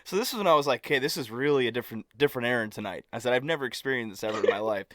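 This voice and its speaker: A man's voice: medium pitch, racing, no room sound, clean studio sound. A man co-hosting a podcast, animatedly retelling a story, swearing and acting out what others said. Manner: animated, swears, acts out quotes. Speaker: podcast co-host. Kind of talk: casual storytelling.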